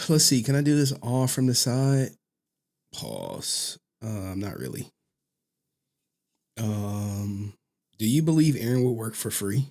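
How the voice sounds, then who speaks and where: A man's voice: medium pitch, very animated, takes it slowly, long pauses. A man joking with his chat in casual livestream commentary, full of slang and asides. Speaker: streamer reacting to clips.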